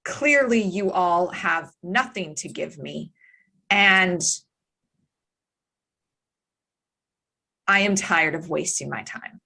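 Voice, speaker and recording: A woman's voice: lowish voice, measured pace, a bit bright. A woman voicing a haughty, impatient male scholar who speaks in a formal, condescending way. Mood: indignant.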